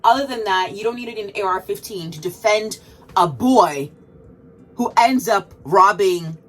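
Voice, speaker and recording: A woman venting in a vlog while doing her makeup, firing off rhetorical questions with sharp jumps in pitch. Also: measured pace. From Canada. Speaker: vlogger.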